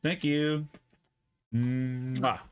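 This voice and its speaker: A man's voice: medium pitch, flat delivery, drawn-out words. A young man hosting his live stream, chatting casually and loosely with lots of restarts and swearing. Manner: loose, profane, rambling with many restarts. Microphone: studio dynamic mic.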